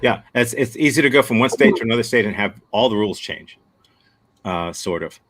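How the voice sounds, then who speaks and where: A man from the States teaching improv, his voice sitting low. He talks over a video call, answering a student thoughtfully and bluntly. He circles his point with halting starts and restarts. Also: lively intonation, a bit bright. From United States. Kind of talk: answering a student's question in a workshop.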